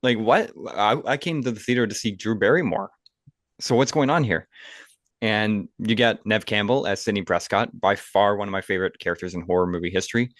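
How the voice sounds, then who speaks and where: A fairly low-voiced man co-hosts a casual movie podcast, eager and opinionated, often breaking into laughter. His voice sits dry and close on the mic, with no room sound. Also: fast, hardly any pauses, fairly bright tone, no room sound. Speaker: podcast co-host.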